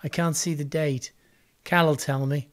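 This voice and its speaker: A man with a slightly raised pitch hosts casual religious commentary. He speaks plainly and drives his points home by repeating them several times. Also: fairly even intonation, moderate pace. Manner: emphatic repetition of phrases. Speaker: host.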